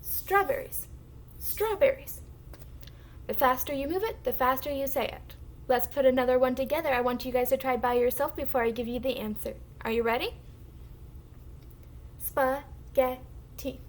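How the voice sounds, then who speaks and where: Sounding out words slowly and clearly for young kids to repeat, a woman teacher delivers a recorded phonics lesson. She speaks in a high-pitched, steady tone.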